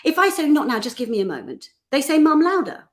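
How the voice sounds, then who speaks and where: A middle-aged woman, chatting on a podcast with a slightly high voice. She talks in an animated way, slipping into little voices for the people she quotes. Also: fast talker, a crowd in the background. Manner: animated, acts out voices in quotes, laughs often. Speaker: host and life coach. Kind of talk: casual podcast conversation.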